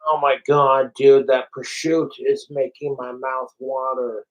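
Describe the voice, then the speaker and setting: Slow-talking tipsy man rambling. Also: mid-range voice, highs cut off. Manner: rambling, excitable, profane. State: tipsy, slurring from alcohol. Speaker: livestreamer. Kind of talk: casual livestream commentary.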